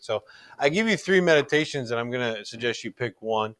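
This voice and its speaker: A man's voice: mid-range voice, lively intonation, normal speed, fairly bright tone, clean tone, no echo. Earnest male religion teacher, dry sound. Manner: conversational, earnest, with frequent restarts. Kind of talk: recorded classroom lecture.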